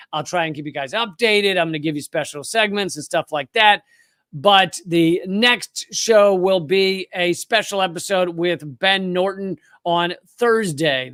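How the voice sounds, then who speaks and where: A man's voice: sits high, fairly bright tone, no echo, clean studio sound. A man from Richmond, Virginia with a slight Virginia twang, hosting a casual livestream, loose and conversational with blunt profanity. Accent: Southern American, Virginia. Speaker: show host.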